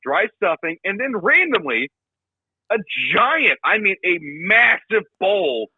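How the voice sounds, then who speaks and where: A young man co-hosting a casual podcast, ranting about a movie in a profane, animated way and slipping into mocking impressions. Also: high-pitched, takes it slowly, breathy edge, dry recording, phone-quality sound. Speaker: podcast co-host.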